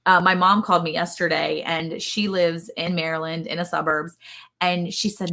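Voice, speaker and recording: A woman hosting a casual livestream chat, telling stories in a chatty, animated way. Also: fairly low pitch, normal speed, gravelly. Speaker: podcast host.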